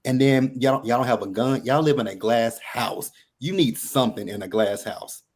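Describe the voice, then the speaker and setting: In casual chat, a male caller to a talk show presses his points emphatically with a run of rhetorical questions. He speaks at normal speed in a medium-pitched, darkish voice.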